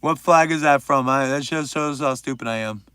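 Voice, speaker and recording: A man's voice: mid-range voice, normal speed, fairly bright tone, smooth, no room sound. A young man hosting a livestream, chatting casually and joking while reading out viewers' names. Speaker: livestream host.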